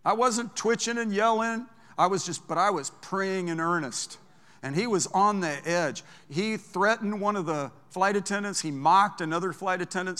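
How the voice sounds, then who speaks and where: A pastor with a bright, high voice preaches a sermon built on storytelling, animated and anecdotal, swinging between hushed and loud. Long reverb hangs in the large church sanctuary.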